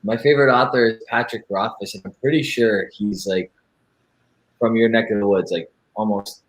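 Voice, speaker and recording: A Canadian man co-hosting a casual chat, talkative and quick to laugh. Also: fairly low pitch, fairly even intonation, echoey room, poor audio. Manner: chatty, laughs a lot. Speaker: co-host.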